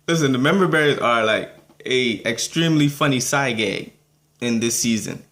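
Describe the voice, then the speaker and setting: A man's voice: mid-range voice, lively intonation, moderate pace, pauses often, fairly bright tone. A young man giving a casual, rambling review of a cartoon episode, laughing often between thoughts.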